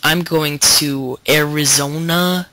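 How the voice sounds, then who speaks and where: A young man with a bright, forceful voice sitting a little high. He rambles loosely through a story in casual podcast chat, full of fillers. The sound is dry and close. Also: fairly even intonation, slow, dry recording, poor audio. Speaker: podcast host.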